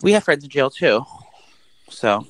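A man around forty, co-hosting a casual podcast chat and telling stories quickly, with crude language and loud acted-out quotes. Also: medium pitch, sing-song, low-quality recording. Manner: rapid, profane storytelling with loud acted-out quotes. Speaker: podcast co-host.

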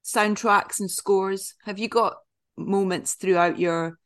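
A woman's voice: medium pitch, fairly even intonation, slow pace, a bit bright. A woman from Scotland, hosting a film podcast interview and asking conversational questions. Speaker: podcast host.

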